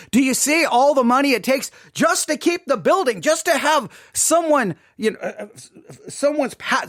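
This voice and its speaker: A man's voice: very high-pitched, fairly bright tone. A man giving an emphatic monologue to viewers, repeating figures and asking rhetorical questions, his voice cracking. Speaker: Christian commentator.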